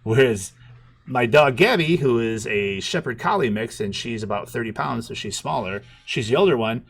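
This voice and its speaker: A man's voice: mid-range voice, animated, moderate pace, creaky, breathy edge. A man hosting a casual live podcast, playful and teasing, reading out comments from the chat. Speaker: podcast host.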